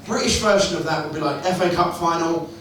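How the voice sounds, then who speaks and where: A fast-talking man with a fairly high, slightly bright voice does a stand-up set in an indoor comedy club, full of crude swearing and wry storytelling. The sound is noisy and reverberant, picked up by a mic placed far away.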